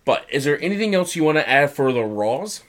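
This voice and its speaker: A man co-hosting a casual podcast, retelling events with lively mock voices for quoted lines. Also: fairly high pitch, brisk. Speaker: podcast co-host recapping wrestling. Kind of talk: casual chat.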